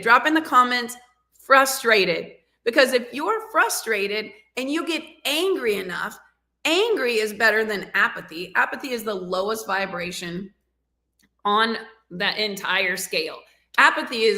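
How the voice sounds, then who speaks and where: A woman coaching an audience live over a video call, her voice bright and forceful. She speaks emphatically, pushing listeners to take action. The sound comes from a video call microphone. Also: medium pitch, normal speed. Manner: emphatic, rousing, urges the audience to act. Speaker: motivational coach and show host.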